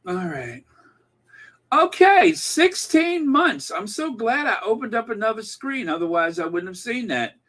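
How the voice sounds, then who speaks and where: A man hosting a live stream, greeting viewers and chatting casually with plenty of pauses and filler words. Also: sits high, expressive, a bit bright. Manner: unhurried, chatty, many um and uh fillers.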